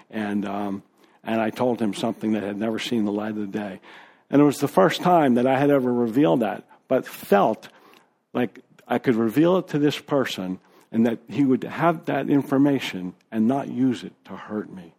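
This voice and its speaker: Gravelly, husky man telling his story. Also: mid-range voice, normal speed, a little mellow. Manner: candid, conversational storytelling with frequent fillers and asides. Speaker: guest speaker at a recovery meeting. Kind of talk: personal recovery story told to a group.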